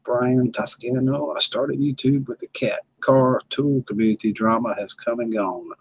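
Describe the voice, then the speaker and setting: A man's voice: mid-range voice, fairly even intonation, moderate pace, breathy edge, poor audio. A man hosting a casual livestream, chuckling and telling laid-back stories to viewers. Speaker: livestream host.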